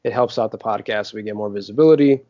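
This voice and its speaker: Fast-talking rambling man on a podcast. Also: on the low side, no echo, dull audio. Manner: rambling, upbeat, with many fillers. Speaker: podcast co-host. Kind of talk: casual podcast chat.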